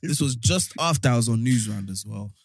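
A man's voice: medium pitch, lively intonation, a little fast, gravelly, breathy edge, dry recording, clean studio sound. A young man, joking and teasing in casual banter with friends. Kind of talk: casual chat.

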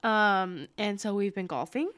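A young woman co-hosting a podcast, chatting casually and excitedly over a video call, rambling and laughing often. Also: medium pitch, measured pace, dry recording. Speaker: podcast co-host.

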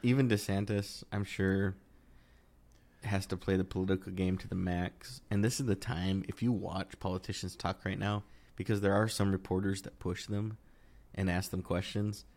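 Male co-host, low voice, casual chat, gets heated and restarts his sentences. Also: normal speed. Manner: animated, rising in pitch when worked up, many restarts.

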